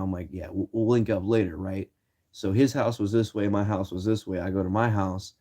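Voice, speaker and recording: A young man from Ohio, a streamer telling loose, profane stories to his viewers in casual chat and acting out shouted lines. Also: fairly low pitch, steady tone, moderate pace. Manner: loose, swearing, acts out quoted shouts. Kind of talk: casual storytelling.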